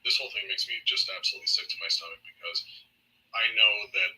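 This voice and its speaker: A man's voice: low-pitched, fast, sharp tone, poor audio. A man co-hosting a live political talk stream, speaking earnestly and with feeling. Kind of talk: casual live-stream chat.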